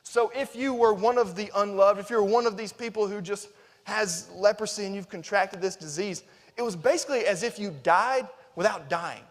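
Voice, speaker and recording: A man preaching a sermon, swinging between loud, emphatic stretches and hushed, tender ones. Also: sits high, moderate pace. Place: church sanctuary. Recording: reverberant church hall.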